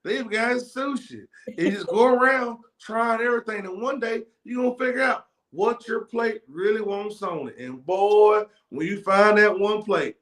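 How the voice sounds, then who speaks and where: A man's voice: sits high, normal speed, hardly any pauses, fairly bright tone. A man hosting an interview, laid-back and rambling with slang. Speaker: host. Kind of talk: casual interview chat.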